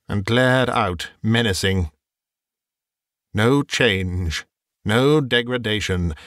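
A man narrating a classic story as an audiobook, in a measured, expressive way. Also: fairly low pitch, no room sound, clean studio sound.

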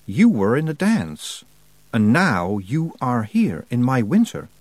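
A man reading an audiobook, voicing a cold male winter spirit who speaks in a slow, stilted, inhuman way. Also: mid-range voice, huge pitch swings, a little mellow, no room sound, full character voice. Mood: puzzled. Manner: slow, oddly stilted speech. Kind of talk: audiobook character voice.

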